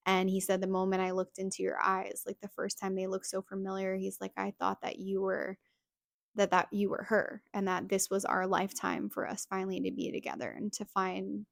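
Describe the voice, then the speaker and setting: A young adult woman hosts a podcast, telling a personal story in a chatty manner packed with fillers. Her mid-range voice is monotone and brisk with vocal fry, recorded at studio quality with no room sound.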